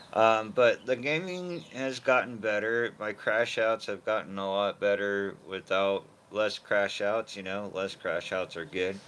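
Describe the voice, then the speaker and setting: A man's voice: sits low, a bit bright, slight background noise. A man hosting a casual cooking livestream, rambling and thinking aloud with many fillers.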